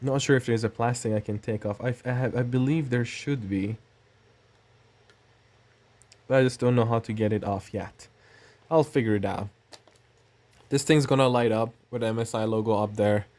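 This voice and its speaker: Coughing occasionally, this tech channel host rambles his way through an unboxing, thinking aloud and leaning on filler words. He speaks briskly in a mid-range voice with a darkish tone.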